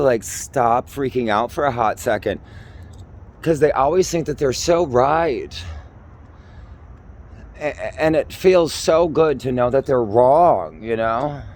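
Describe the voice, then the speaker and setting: A man in his forties from Minnesota, doing a theatrical, rambling improvised comedy monologue while walking outdoors on city streets. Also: mid-range voice. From Minnesota, USA. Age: 40s. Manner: theatrical, campy, rambling jokes. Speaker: vlogger.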